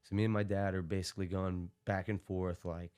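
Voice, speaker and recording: A young man with a somewhat low voice tells a long anecdote as a podcast guest. He rambles, fills gaps with "like," and laughs his way through it. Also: level tone, brisk, a little mellow, clear, resonant tone. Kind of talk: casual storytelling.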